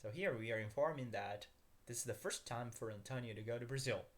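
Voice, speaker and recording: A man's voice: medium pitch, a little fast. Upbeat male language teacher. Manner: upbeat, addresses viewers as guys, asks them to repeat. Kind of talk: language lesson.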